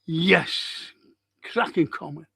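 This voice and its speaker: A man's voice: a little high, slow pace, creaky, a bit bright, slightly rough. A man hosting a live stream, reading out chat comments and telling rambling stories. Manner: rambling, chatty storytelling with restarts. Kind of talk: casual chat.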